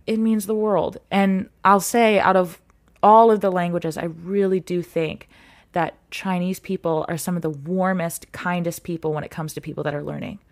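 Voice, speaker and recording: Brief: woman interview guest, slightly low voice, earnest and animated storyteller. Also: moderate pace. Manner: animated, earnest, laughs often. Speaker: guest, content creator.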